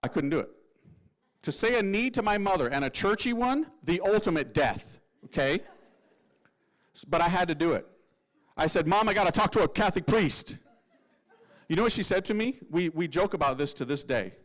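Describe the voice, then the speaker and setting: A male priest telling his story with humor and slang, and he mimics the people in it. His voice sits a little higher than most men's. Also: moderate pace, rough recording. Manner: lively, slangy, acts out voices. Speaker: Catholic priest.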